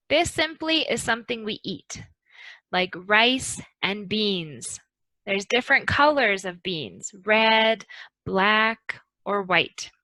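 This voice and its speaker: Bright, crisp woman teaching English. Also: medium pitch, no room sound, low-quality recording. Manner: slow, careful, modeling intonation. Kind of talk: pronunciation lesson.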